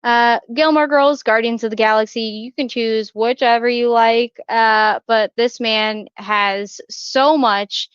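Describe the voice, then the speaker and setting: A woman's voice: a little high, fairly even intonation, slow pace, hardly any pauses, fairly bright tone, clean tone, dry recording, lo-fi sound. A woman co-hosting a pop culture podcast, chatting casually with lots of fillers, restarts and small laughs. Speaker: podcast co-host. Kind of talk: casual chat.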